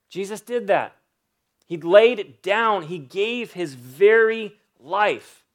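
A man preaching a sermon, his voice sitting a little high for a man. He takes his time, leaning hard on key phrases and stretching them out slowly. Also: animated. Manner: emphatic preaching with drawn-out slow phrases for emphasis. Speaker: pastor.

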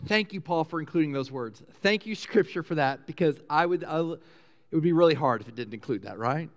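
A middle-aged pastor delivers a sermon in a conversational, animated way, climbing loud and high when he gets excited. His voice sits a little high for a man. The sound carries a long reverb from the church hall. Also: fairly quick.

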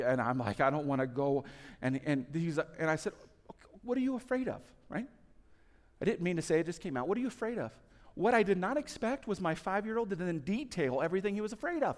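Guy preaching a sermon, kinda high voice, loud then hushed, big echoey church hall. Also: normal speed. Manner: animated storytelling, swinging from loud to soft. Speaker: pastor.

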